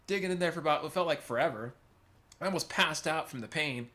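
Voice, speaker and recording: Speaking quickly in a slightly high, somewhat bright voice, a livestream host tells meandering stories to his chat. He keeps getting sidetracked while responding to comments.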